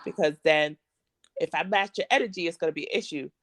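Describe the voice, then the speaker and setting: A woman in her thirties co-hosting a podcast, blunt and animated in casual chat, acting out arguments. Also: lowish voice, quick pace, no room sound. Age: 30s. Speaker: podcast co-host.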